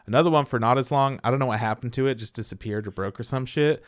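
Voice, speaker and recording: Casting: relaxed, profane male podcast co-host, smooth, close and dry. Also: medium pitch, quick pace, no echo. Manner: laid-back, swears a lot, laughs often. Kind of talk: casual chat.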